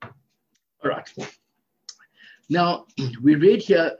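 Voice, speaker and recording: A man preaching a fervent, excitable sermon. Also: fairly high pitch, normal speed, husky, highs cut off.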